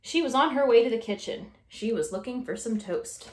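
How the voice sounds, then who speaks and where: A woman reading a children's storybook aloud with expressive, animated storytelling. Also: fairly high pitch, normal speed. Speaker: storytime reader. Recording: echoey room.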